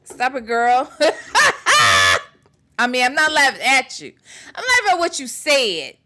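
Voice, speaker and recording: A woman's voice: high-pitched, sing-song, moderate pace, sharp tone. A middle-aged woman hosting a casual livestream, greeting viewers by name and reading their comments aloud in a chatty, playful way. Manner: chatty and playful, laughs freely. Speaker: livestream host.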